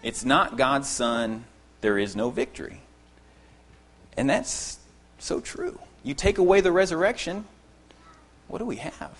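A man delivering an expository sermon with an ordinary mid-range voice. He is earnest and emphatic, pressing hard on key phrases, repeating them, and then dropping to quieter asides. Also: medium pitch, lively intonation, a little slow, long pauses. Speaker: preacher.

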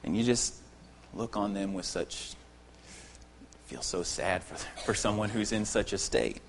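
A man preaching an expository sermon to his congregation, earnest and emphatic, repeating key phrases and dropping to quiet asides. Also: on the low side, unhurried, noisy background.

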